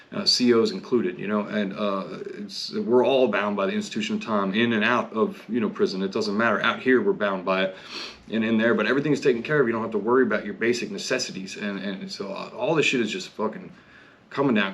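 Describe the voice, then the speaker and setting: A man's voice: medium pitch, fairly bright tone. A man hosting a podcast, telling his own story bluntly and candidly, with heavy swearing. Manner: blunt, heavily profane, candid. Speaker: podcast host. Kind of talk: personal storytelling monologue.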